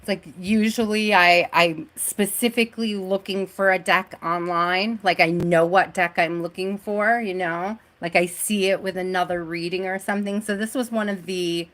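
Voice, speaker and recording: A woman's voice: on the low side, fairly bright tone. A woman hosting a live tarot stream who reads out card meanings, then chats loosely, laughs often and greets viewers by name. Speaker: tarot reader.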